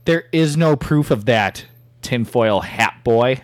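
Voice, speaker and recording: A man's voice: medium pitch, expressive, slow. A man co-hosting a comedic chat with snarky, mocking remarks. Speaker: podcast co-host.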